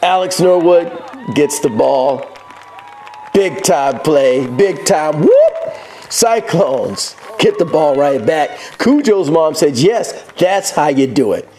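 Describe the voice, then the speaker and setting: High, lively man narrating football clips. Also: slow, faint music behind, some chatter behind. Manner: excited, whooping, jokey asides to viewers. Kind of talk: casual play-by-play over game footage.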